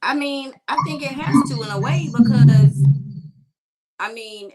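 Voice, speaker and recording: A woman co-hosting a casual talk show, speaking quietly and thoughtfully. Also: high voice, a little slow, a crowd in the background. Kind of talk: casual chat.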